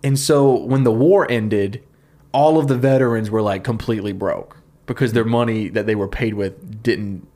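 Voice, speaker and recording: Guy on a podcast rambling through a funny history story, quick and loose, lots of "like" and "you know". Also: lowish voice. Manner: fast, animated retelling with fillers and laughs. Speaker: podcast co-host pitching a story. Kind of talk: casual comedic storytelling.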